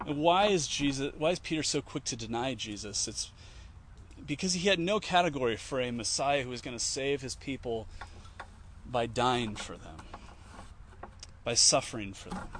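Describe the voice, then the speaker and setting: A man's voice: medium pitch, expressive, moderate pace, a bit bright, slight background noise. A man giving an informal teaching talk, conversational, with many fillers and restarts, acting out quoted lines as he retells scenes. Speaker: Christian teacher.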